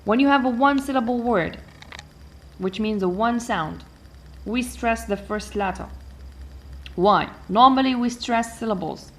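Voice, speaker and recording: A woman teaching an English lesson, explaining slowly and patiently and repeating key words. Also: on the high side. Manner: patient and repetitive, switching between English, Arabic and French. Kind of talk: language lesson explaining word stress.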